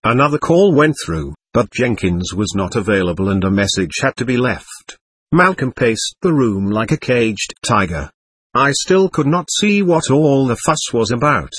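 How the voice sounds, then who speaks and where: Husky male audiobook narrator. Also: medium pitch, fairly bright tone, no echo. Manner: measured first-person storytelling. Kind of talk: scripted narration.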